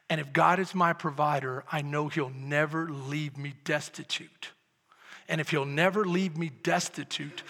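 A man preaching a sermon as pastor, moving from quiet talk to loud, shouted preaching. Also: on the high side. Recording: echoey hall with long reverb.

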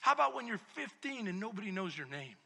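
A male pastor preaching a sermon, moving between shouted, emphatic passages and hushed, intimate reflection. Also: high voice, very animated, quick pace, creaky, breathy edge, in a large hall.

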